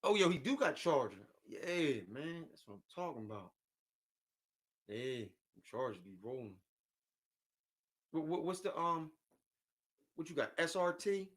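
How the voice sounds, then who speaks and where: A man's voice: a little high, sing-song, measured pace, pauses often. A man casually chatting with his viewers in loose slang, repeating his words, jumping between topics and often chuckling as he talks. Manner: often chuckles while talking. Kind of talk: casual chat.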